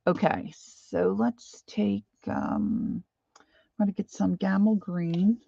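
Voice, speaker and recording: A woman's voice: mid-range voice, takes it slowly, creaky, dark tone, dull audio, a little hiss or hum. An older woman chatting casually while she paints live, rambling and reading viewer comments aloud. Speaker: painting instructor. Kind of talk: live painting stream chat.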